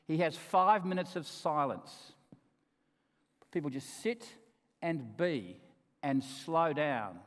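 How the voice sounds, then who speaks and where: A man giving a conference keynote, with emphatic, humorous storytelling and sudden drops into quiet asides. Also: fairly high pitch. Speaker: keynote speaker. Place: large conference hall. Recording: reverberant hall.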